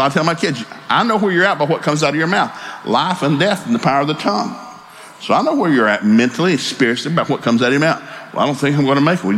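A middle-aged man preaching a sermon, telling personal stories and acting out both sides of the conversations. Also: slight background noise. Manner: storytelling preacher, acts out both sides of conversations, lively jumps in pitch.

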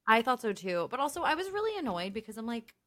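A woman co-hosting a podcast, retelling TV scenes casually with animated asides. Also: fairly high pitch, fast talker. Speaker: podcast co-host. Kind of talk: casual recap chat.

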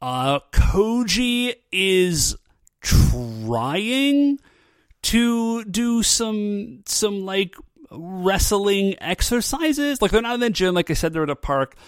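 A man's voice: high-pitched, very animated, takes it slowly, clean tone, no room sound, clean studio sound. A man hosting a podcast, recapping an episode in a casual, rambling way, full of fillers like "um" and "like", with frequent laughs. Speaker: podcast host.

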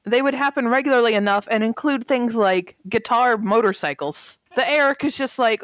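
A woman's voice: a little high, normal speed, few pauses, dry recording. Sardonic woman co-host, dull lo-fi sound. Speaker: podcast co-host. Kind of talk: casual recap chat.

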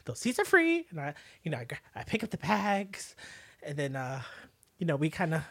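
A woman's voice: sits low, wildly swooping pitch, normal speed. A woman co-hosting a podcast, retelling a story in chatty casual talk with lots of fillers. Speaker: podcast co-host. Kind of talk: casual chat.

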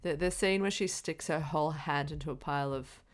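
A woman with a very low voice for a woman co-hosts a casual film podcast. She talks with eager enthusiasm and keeps breaking into giggles. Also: a little fast. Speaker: podcast co-host.

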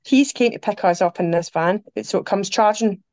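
A Scottish woman, a podcast guest, telling travel stories in lively conversation, acting out what people said and laughing along. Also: medium pitch, a little fast, dry recording. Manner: animated, quotes people, laughs through her stories. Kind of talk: anecdotal storytelling chat.

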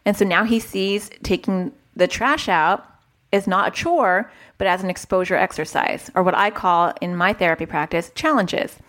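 A woman's voice: mid-range voice, moderate pace, a bit bright. A woman therapist and mother giving casual parenting advice, chatty, interrupting herself and acting out dialogues. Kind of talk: advice talk to camera.

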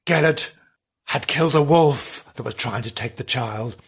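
Theatrical, husky-voiced man hosting spooky tales. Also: mid-range voice, unhurried. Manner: theatrical, swinging from gushing exclamations to hushed sinister murmurs. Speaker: podcast host. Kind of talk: hammy spooky storytelling.

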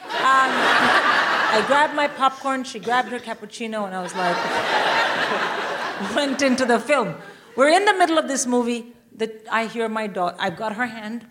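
Woman, middle-aged, stand-up storytelling, animated and profane, loud background noise. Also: on the high side, normal speed. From India. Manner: animated, profane, punchy delivery with frequent laughter. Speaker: stand-up comedian guest. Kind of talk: live comic storytelling. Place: live theatre stage with audience.

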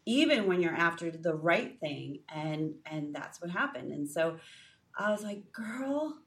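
A woman co-hosting a faith podcast, telling a personal story in a lively way with frequent fillers and restarts. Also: sits low, measured pace, far from the mic. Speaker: podcast co-host. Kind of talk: casual faith podcast chat.

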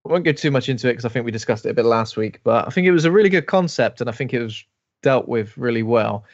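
A man co-hosting a podcast in casual chat, animated and jokey. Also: medium pitch, fast talker, muffled recording. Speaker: podcast co-host.

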